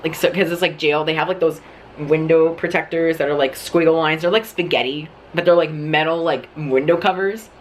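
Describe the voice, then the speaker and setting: A man's voice: a little high, steady tone, normal speed, slight background noise. A young man telling a dramatic story-time vlog, cursing constantly and filling his talk with "like". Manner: profane, dramatic storyteller, heavy use of "like". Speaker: vlogger.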